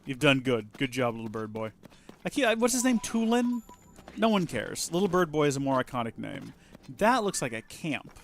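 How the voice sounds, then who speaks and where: A man's voice: mid-range voice, very animated, normal speed, faint music behind. A man streaming a video game, chatting casually and playfully to himself and his viewers. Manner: playful, talks to himself and the game, jokey asides. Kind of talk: casual let's play commentary.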